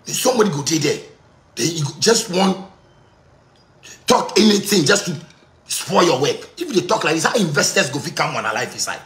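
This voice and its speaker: Ghanaian man ranting with a bright, sharp tone in an echoey room. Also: on the high side, very animated, moderate pace, pauses often. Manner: ranting, repetitive, bursts of shouting. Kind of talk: heated monologue in pidgin.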